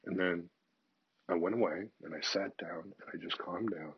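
Low husky older man, frank monologue. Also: moderate pace, no room sound. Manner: frank and confessional, swears casually, drops to near-whisper in stories. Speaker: speaker sharing personal views. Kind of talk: candid personal monologue. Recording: dull lo-fi, dry sound.

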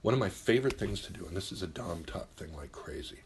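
Blunt deep-voiced middle-aged man. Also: expressive, fast talker, slight background noise. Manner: emphatic, blunt, swears freely; acts out quoted voices. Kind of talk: casual advice monologue.

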